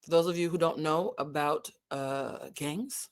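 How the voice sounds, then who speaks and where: A woman with a New England accent hosting a casual live commentary stream, animated and digressive, swearing freely and swinging between loud and soft. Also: low voice, measured pace, few pauses. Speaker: commentary channel host.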